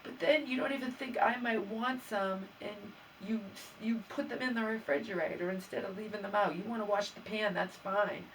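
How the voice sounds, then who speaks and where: A woman's voice: mid-range voice, fairly even intonation, moderate pace, hardly any pauses, far from the mic, a little hiss or hum, low-quality recording. A woman vlogger venting her grievances in an aggrieved, exasperated way, stammering and restarting as she talks. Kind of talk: venting personal vlog.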